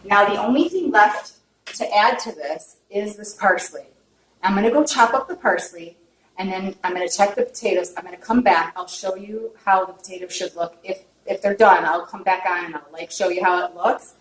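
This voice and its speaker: A woman's voice: mid-range voice, normal speed. A woman giving a casual cooking demonstration in her home kitchen, chatty and openly emotional, often checking in with viewers. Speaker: home cook. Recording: echoey kitchen, distant mic, faint noise.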